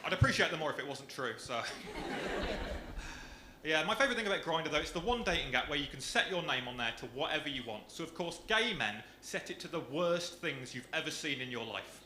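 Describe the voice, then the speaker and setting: A young man with a Birmingham accent doing a stand-up comedy set, delivering dry, deadpan punchlines on a comedy club stage. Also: on the high side, brisk. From Birmingham area, England. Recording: echoey club with audience noise.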